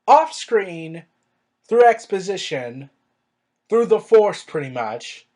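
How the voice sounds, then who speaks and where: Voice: mid-range voice, a little mellow. Someone ranting casually about a show, lots of "like" and "uh", voice jumps way up when annoyed. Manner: exasperated rhetorical questioning; rambling with filler words and restarts. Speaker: show reviewer. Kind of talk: casual review monologue.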